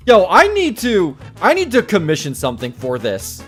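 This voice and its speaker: A young man hosting a casual live stream, excitable, swearing a lot and laughing often. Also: high voice, unhurried, soft background music.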